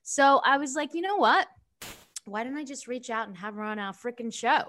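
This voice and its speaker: A bubbly woman co-hosting a podcast, with a slightly high voice. She keeps the chat playful and laughs often. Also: fairly quick, fairly bright tone. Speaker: podcast co-host. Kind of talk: casual chat.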